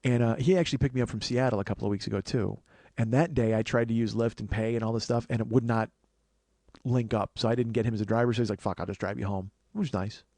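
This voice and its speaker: A man's voice: medium pitch, steady tone, darkish tone, dry recording. A man hosting a podcast, telling profane, rambling comic stories and acting out the quotes. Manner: profane, rambling, quick anecdotes with acted-out quotes. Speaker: podcast host. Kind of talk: casual comedic storytelling.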